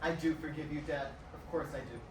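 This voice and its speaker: A woman's voice: sits low, brisk, lightly acted. An actress playing an earnest teenage boy who captains a spelling team in a live stage play. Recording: echoey theatre from far, noise.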